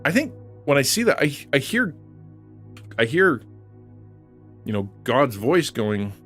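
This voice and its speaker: A man's voice: medium pitch, big pitch swings, slow, fairly bright tone, soft background music. A man preaching earnestly on a livestream, repeating phrases for emphasis. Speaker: online pastor. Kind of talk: livestream sermon.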